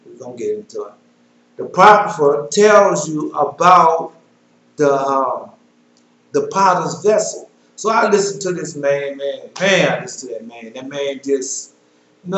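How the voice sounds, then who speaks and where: A man with a Southern American accent giving an informal Bible teaching. He reads scripture aloud in a louder, slower voice and drops to quiet, mumbled asides in between. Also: a little high. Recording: roomy echo.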